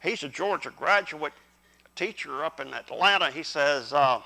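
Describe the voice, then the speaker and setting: A man's voice: fairly high pitch, expressive, unhurried, creaky, sharp tone, rough recording. An older man preaching a sermon in church, in a folksy style, talking directly to the congregation. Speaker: pastor. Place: church sanctuary.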